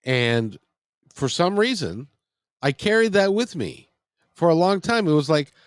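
Lively-voiced man interviewer, dry sound. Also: a little high, measured pace, pauses often, dry recording. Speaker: interviewer, host. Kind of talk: conversational interview.

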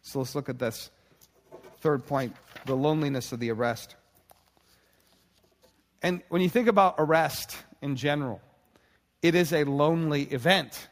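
A man preaching a sermon in an earnest voice, slowing down and pausing for dramatic emphasis. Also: mid-range voice, lively intonation, long reverb tail. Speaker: pastor.

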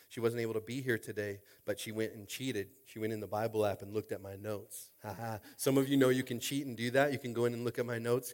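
A man preaching a sermon as a pastor, informal and jokey, dropping to quiet talk and then rising to shouting. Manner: swings from quiet, low talk to loud shouting; informal, jokey, with repeated "are you with me?".

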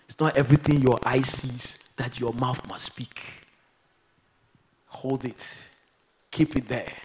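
A man preaching a sermon, moving between quiet, reflective passages and loud, emphatic exhortation. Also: medium pitch, fairly even intonation, slow pace, slight background noise, low-quality recording. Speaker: pastor.

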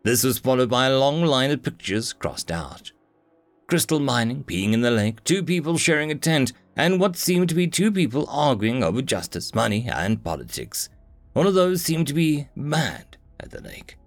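A man narrating a fantasy novel as an audiobook, in an expressive storytelling reading. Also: mid-range voice, normal speed, creaky, faint music behind.

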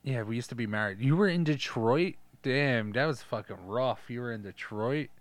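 A man co-hosting a casual podcast, riffing crudely on a film and slipping into quick character voices as he swears his way through the scenes. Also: medium pitch, no room sound. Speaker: podcast co-host. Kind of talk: casual crude movie-riff chat.

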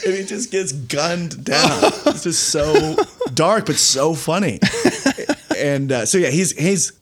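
A man's voice: fairly high pitch, animated, takes it slowly. A man co-hosting a casual film podcast, laughing often and acting out movie quotes. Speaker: podcast co-host.

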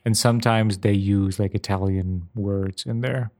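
A man's voice: fairly low pitch, fairly even intonation, unhurried, darkish tone. Hesitant, questioning podcast man. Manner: inquisitive, hesitant, repeats words while thinking. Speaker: podcast co-host. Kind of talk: casual chat.

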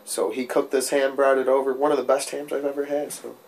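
A man with a mid-pitched voice chats loosely with a friend. He rambles, restarts his sentences and swears in passing. Faint background noise runs under him. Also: little pitch movement, fairly quick, vocal fry, darkish tone. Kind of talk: casual chat.

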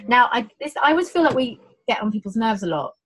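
A middle-aged woman, a birth educator, explaining labour in casual conversation, animated, acting out quotes with many restarts. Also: on the high side, fast, breathy edge, poor audio.

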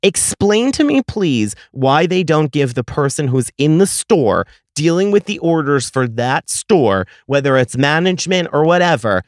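A man hosting a podcast, telling a story as an exasperated, profane rant that swings from low muttering to loud outbursts. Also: big pitch swings, a little slow, few pauses, dry recording, studio quality. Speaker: podcast host. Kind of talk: ranting storytelling.

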